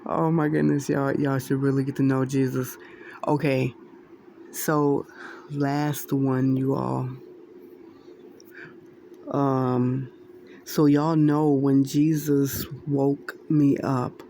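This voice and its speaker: Slow gravelly woman telling dreams. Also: very deep voice, flat delivery, warm tone, a little hiss or hum. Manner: rambling, repeats phrases, often laughs. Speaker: Christian video creator sharing dreams. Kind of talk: casual testimony to viewers.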